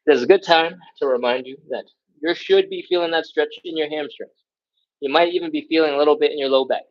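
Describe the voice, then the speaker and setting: A man's voice: on the high side, fast, lo-fi sound. Man coaching a stretch class, breathing hard. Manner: energetic, coaching cues and counting aloud; breathing hard, sighs and grunts while stretching along. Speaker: fitness instructor. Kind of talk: live stretching class instruction.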